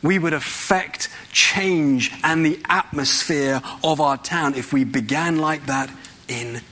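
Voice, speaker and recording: Slow, bright-voiced male preacher. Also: fairly high pitch, slight background noise. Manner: conversational preaching with rhetorical questions. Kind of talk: sermon. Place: church.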